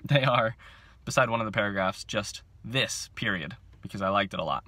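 Excitable twenties male book vlogger, self-mocking, bright edge, low-set voice, recorded on a phone. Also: fairly quick, no echo. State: overcaffeinated. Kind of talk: casual chat to camera. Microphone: handheld phone.

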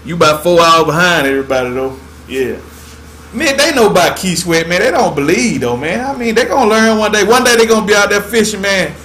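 A laid-back man from Georgia chats loosely on a fishing livestream, his voice sitting a little high for a man. He drawls along and keeps dropping "man" at the end of his sentences. A faint hiss of noise runs underneath. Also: expressive, brisk, fairly bright tone. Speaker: fishing show host. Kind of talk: casual livestream chat.

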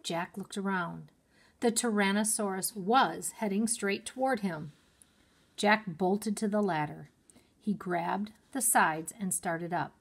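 A woman teacher reading a children's chapter book aloud in an expressive storytelling manner. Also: medium pitch, slow, vocal fry.

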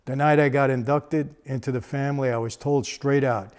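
A man's voice: mid-range voice, fairly even intonation, moderate pace, darkish tone. A man, telling a story in a casual, conversational way with frequent asides. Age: 60s.

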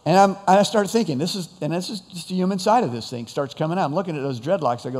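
Rambling storytelling preacher in a reverberant church. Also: male voice, fairly high pitch, expressive, rapid-fire, few pauses, a little mellow. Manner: rambling, self-deprecating humor, frequent fillers. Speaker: pastor. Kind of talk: sermon storytelling. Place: church sanctuary. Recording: long church hall reverb.

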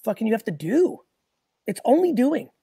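Blunt, profane man with a husky voice. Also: extremely high pitch, big pitch swings, normal speed, no echo, clean studio sound. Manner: blunt, profane and emphatic, often shouting. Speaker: host answering callers' questions. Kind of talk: live Q&A call-in show.

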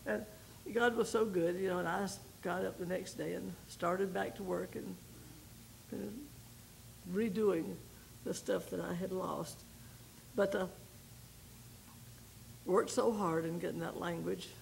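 Gravelly older woman telling a testimony. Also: on the low side, steady tone, darkish tone, slight background noise, low-quality recording. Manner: folksy storytelling with pauses and repeated starts. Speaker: missionary speaker. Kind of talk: personal testimony talk to a women's group.

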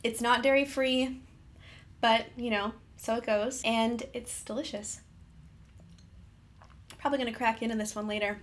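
A woman's voice: a little high, steady tone, normal speed, pauses often. A young adult woman, a fitness vlogger, giving a chatty, upbeat product review and reading out nutrition facts.

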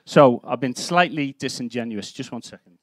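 A man's voice: medium pitch, moderate pace. A man in his fifties from Liverpool with a Scouse accent, doing a live stand-up set in a comedy club with a brash, sweary, punchy delivery. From Liverpool, England. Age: 50s.

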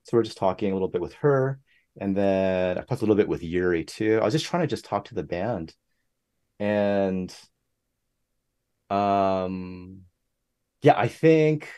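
A young man talking as a podcast guest in a casual, animated way. He jumps up in pitch whenever he quotes other people. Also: unhurried, long pauses. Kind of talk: casual interview chat.

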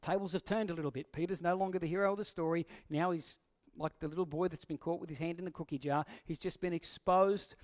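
A man's voice: on the high side, fairly even intonation, quick pace, darkish tone. A man preaching a sermon in a conversational way, asking the listeners questions and acting out quoted lines. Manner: acts out quoted lines in a raised voice. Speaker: pastor.

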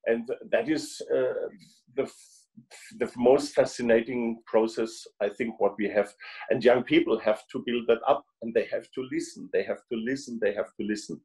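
A man's voice: mid-range voice, moderate pace, darkish tone, rough recording. A German man, a trumpet player speaking English as a second language, chatting on a video call and often repeating words as he searches for them. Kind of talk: casual video call chat.

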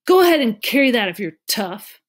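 A woman's voice: fairly high pitch, sing-song, fairly quick, voice pushed up. A woman reading a storybook, voicing a blunt, bossy thirteen-year-old girl who speaks sharply. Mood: scornful.

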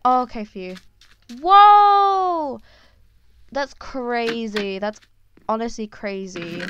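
A woman talking through her gameplay in a loose, chatty way, full of ums and sudden excited exclamations. Her voice sits a little high, and faint music plays underneath. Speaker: gaming YouTuber. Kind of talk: casual gameplay commentary.

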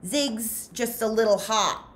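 A woman's voice: on the high side, takes it slowly, voice pushed up. A woman voicing a cocky teenage boy leader who talks breezily and persuasively, in a storybook reading. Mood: smooth-talking.

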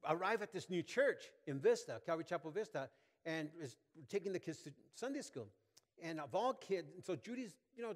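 Older guy preaching, kinda high voice, rambly and folksy, big echoey church sound. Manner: folksy, rambling with many fillers and asides. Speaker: pastor. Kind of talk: sermon. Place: church sanctuary. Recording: long hall reverb.

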